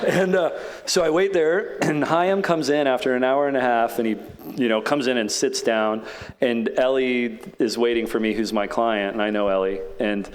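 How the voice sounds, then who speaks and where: A man speaks on a panel in a relaxed, rambling way. He tells his story with frequent fillers and a mid-range voice. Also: mid-range voice, moderate pace. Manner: chatty, many "like" fillers, acts out others' lines.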